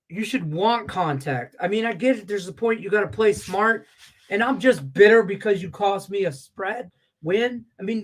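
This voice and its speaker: A man on a sports betting show, ranting with profanity and heat, his voice congested from stuffed sinuses. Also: high voice. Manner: profane, ranting, heated and animated. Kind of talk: casual sports betting talk show rant. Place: Las Vegas.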